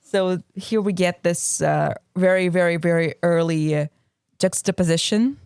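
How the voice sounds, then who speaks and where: A woman's voice: fairly low pitch, a little slow, a little mellow, clear, resonant tone, no echo, clean studio sound. A woman co-hosting a podcast, analysing a book and sharing facts she has looked up. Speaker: podcast co-host. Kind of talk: casual book discussion.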